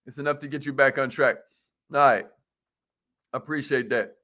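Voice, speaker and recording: A man's voice: mid-range voice, fairly even intonation, normal speed, sharp tone. A man hosting a casual motivational live stream, hyped and slangy, repeating his phrases and laughing often.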